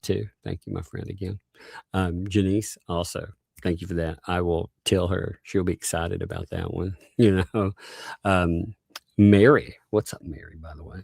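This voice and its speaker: A man with a low, gravelly voice chats loosely on a livestream, reading out donations and thanking each viewer by name. He laughs easily between messages. The sound is close and dry, with no room around it. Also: darkish tone, no room sound. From United States. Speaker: livestream host. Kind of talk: casual livestream chat reading out super chats.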